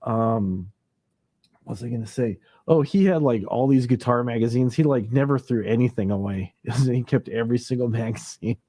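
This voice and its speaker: Mellow-voiced man chatting casually late at night. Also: mid-range voice, moderate pace, dry recording. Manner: rambling, laughs easily, mimics sounds. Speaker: livestream host. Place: home livestream setup.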